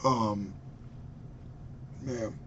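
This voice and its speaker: A man's voice: on the low side, drawn-out words, muffled recording, noisy background. A man in his twenties ranting angrily and profanely about politics into his webcam. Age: 20s. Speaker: vlogger. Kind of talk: political rant.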